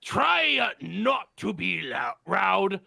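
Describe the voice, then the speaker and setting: A man putting on a loud, exaggerated voice of an angry male samurai, shouting his lines. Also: high-pitched, big pitch swings, takes it slowly, creaky, exaggerated voice.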